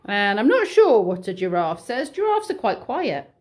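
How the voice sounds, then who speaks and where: A woman's voice: medium pitch, wildly swooping pitch, moderate pace, darkish tone. A middle-aged British woman talking in a coaxing, sing-song way to toddlers at home during a casual vlog, chatting about her day in between. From United Kingdom. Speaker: vlogger and childminder. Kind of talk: casual vlog chat with small children. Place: home kitchen and playroom.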